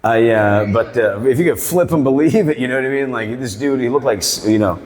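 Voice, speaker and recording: A man's voice: medium pitch, a little fast, darkish tone. A man telling a stand-up story in a barbershop, rambling and profane. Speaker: stand-up comedian. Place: barbershop comedy show. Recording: long reverb of a live room.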